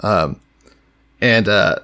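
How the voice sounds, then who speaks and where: A man's voice: lowish voice, very slow, smooth. A man co-hosting a casual, profane chat, retelling scripture in slangy paraphrase. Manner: animated, swears freely, paraphrases scripture in slangy voices. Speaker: podcast co-host.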